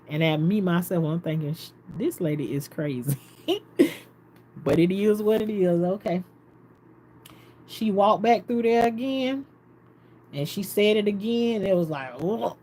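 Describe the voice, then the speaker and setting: Woman vlogger telling a wild story, laughing, mid pitch. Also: unhurried, long pauses, a little hiss or hum. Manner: animated storytelling, laughs often, quotes others. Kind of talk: casual storytelling.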